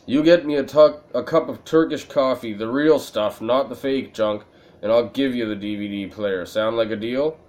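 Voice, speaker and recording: A man's voice: medium pitch, normal speed, a little mellow, natural voice. A man doing a coffee-craving game character. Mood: bargaining.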